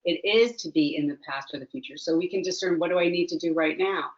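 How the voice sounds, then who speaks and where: A woman's voice: fairly low pitch, fast talker. Earnest reflective woman on a dull call. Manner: earnest, reflective, repeats phrases for emphasis. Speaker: mindfulness teacher, guest. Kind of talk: relaxed conversational interview.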